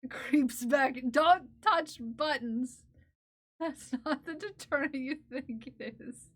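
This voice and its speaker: A woman's voice: high-pitched, slow pace, fairly bright tone. A young woman live-streaming while crafting, chatting playfully with viewers, laughing and mock-scolding them. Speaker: livestreamer. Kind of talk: casual live-stream chat.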